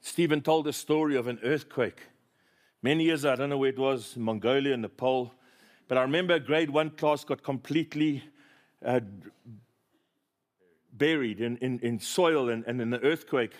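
A man's voice: medium pitch, moderate pace. A man preaching a sermon, telling stories with humor and calling on the congregation to repeat after him. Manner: storytelling, humorous, call-and-response with congregation. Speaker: pastor.

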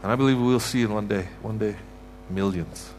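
Slightly fast and lowish, with a darkish tone, this guest preacher from Canada delivers a heartfelt sermon in a church sanctuary. He repeats his points emphatically and pronounces blessings over the congregation amid slight background noise.

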